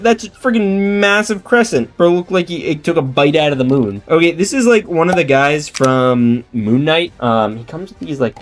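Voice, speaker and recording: A man hosting a casual toy unboxing, talking in an excitable, slangy way with asides to himself. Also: medium pitch.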